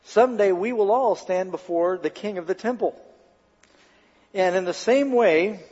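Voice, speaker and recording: Pastor preaching a dramatic sermon, lo-fi. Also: male voice, high-pitched, darkish tone, slightly rough, in a large hall. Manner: dramatic storytelling with rhetorical questions.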